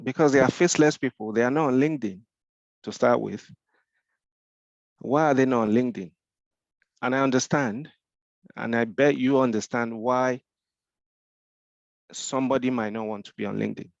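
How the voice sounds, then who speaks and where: A man's voice: mid-range voice, normal speed, creaky, long pauses, no echo, dull audio. A man with a Nigerian accent, mentoring in a Q&A discussion, explaining with rhetorical questions and frequent repeated restarts.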